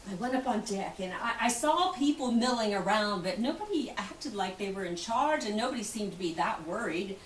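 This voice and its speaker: Actress playing a bold, outspoken Titanic survivor. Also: female voice, medium pitch, expressive, normal speed, few pauses, natural voice. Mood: recounting. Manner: vivid storytelling, acts out other people's voices. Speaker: actress in a first-person historical portrayal. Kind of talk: theatrical first-person monologue. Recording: roomy, distant, faint hiss.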